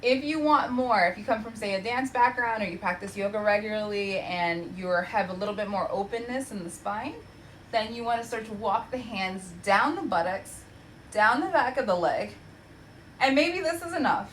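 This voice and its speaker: Young female yoga teacher, chatty encouraging cues, mid-pitched, faint room hiss. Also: normal speed, a bit bright, low-quality recording. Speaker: yoga instructor. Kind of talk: guided yoga class cues. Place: home practice space.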